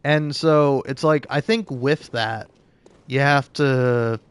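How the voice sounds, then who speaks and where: A man's voice: medium pitch, clear, resonant tone. Rambling young man musing mid-game. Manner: halting, full of filler words and restarts. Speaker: gaming video creator. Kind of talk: rambling musing commentary while playing.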